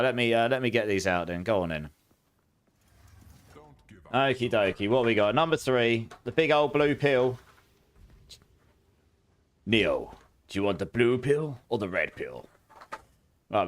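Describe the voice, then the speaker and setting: A man's voice: medium pitch, a bit bright, smooth. A young man chatting casually on a game live stream, thanking viewers and exclaiming often.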